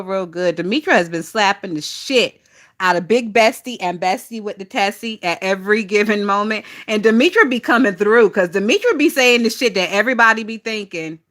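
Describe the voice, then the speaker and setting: Bright-voiced profane gossip host. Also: female voice, mid-range voice. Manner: chatty, profane, laughs often, talks to chat. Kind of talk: casual livestream gossip chat.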